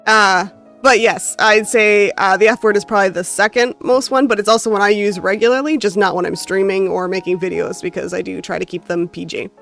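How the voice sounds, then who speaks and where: A woman with a North American accent reads a visual novel aloud expressively on stream, pausing now and then to chat casually with viewers. She has a gravelly, mid-range voice with a fairly bright tone.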